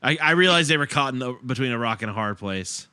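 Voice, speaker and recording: A man's voice: medium pitch, expressive, quick pace, bright, forceful tone, clear, resonant tone, no echo, clean studio sound. A man co-hosting a podcast, trading wry, sarcastic remarks in a casual movie-review chat. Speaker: podcast co-host.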